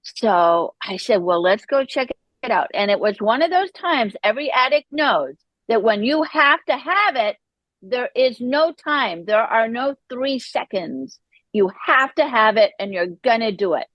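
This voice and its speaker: A woman, a podcast guest, telling her personal recovery story in an animated way, acting out the voices she quotes. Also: a little high, measured pace, no echo, dull audio.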